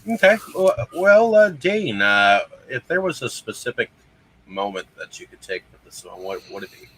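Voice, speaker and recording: A man hosting a casual group discussion, halting and full of filler sounds. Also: mid-range voice, big pitch swings, a bit bright, a little hiss or hum, poor audio. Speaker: discussion host.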